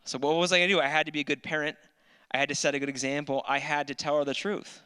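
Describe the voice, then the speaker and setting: Man, 30s, stand-up comic; bright, forward voice, dry self-deprecating delivery, live club mic. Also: on the high side, level tone, rapid-fire, clean tone. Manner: dry, self-mocking storyteller. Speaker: stand-up comedian. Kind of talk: stand-up set. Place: comedy club stage.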